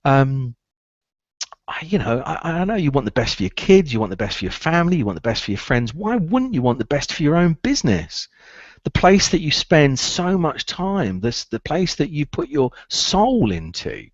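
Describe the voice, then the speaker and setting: Emphatic man coaching with lively pitch. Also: normal speed, no room sound, muffled recording. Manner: emphatic, repeats key phrases for emphasis. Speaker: recruitment business coach. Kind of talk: presented training talk.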